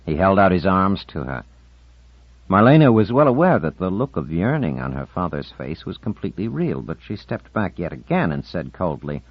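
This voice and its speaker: A man reading a novel aloud as an audiobook narrator, in a measured, expressive reading. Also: sits low, husky, no room sound. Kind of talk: scripted narration. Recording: dull, dry studio recording.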